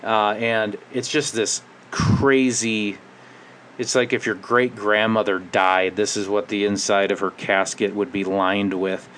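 Rambling wry middle-aged man, low voice. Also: little pitch movement, unhurried, fairly bright tone, slight background noise. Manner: rambling, wry, restless pace. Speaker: podcast host. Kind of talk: casual monologue.

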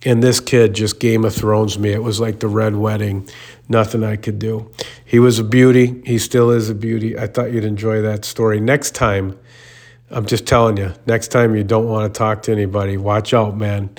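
A man hosting a radio show who tells a loose, rambling anecdote at his own expense. His voice sits on the low side, and his delivery is relaxed and chatty. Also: normal speed. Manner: self-mocking, rambling, boxing metaphors. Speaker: radio host. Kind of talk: casual storytelling.

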